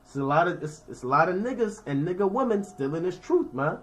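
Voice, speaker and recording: There's slight background noise as a high-voiced man with big pitch swings teaches scripture at a fairly quick clip. He reads a verse, explains it with ordinary real-life examples in slangy talk, and keeps checking in with the people listening.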